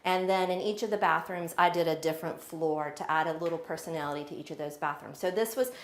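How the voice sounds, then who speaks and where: A woman's voice: on the low side, quick pace, a little hiss or hum. A middle-aged woman, chatting casually while she shows guests around her home, with lots of fillers. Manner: chatty and friendly, with frequent fillers. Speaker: homeowner giving a home tour. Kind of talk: casual home tour chat.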